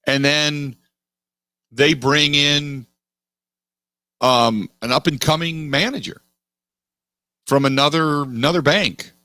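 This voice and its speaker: A middle-aged man hosting a sports talk radio show, making his case in an animated, emphatic way and repeating phrases for weight. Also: on the high side, no room sound, clean studio sound. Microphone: studio microphone.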